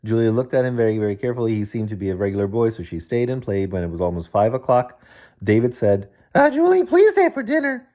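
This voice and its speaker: A man's voice: fairly low pitch, quick pace, mellow. A man reading a children's picture book aloud, breaking off for joking asides to the kids listening. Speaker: children's story reader.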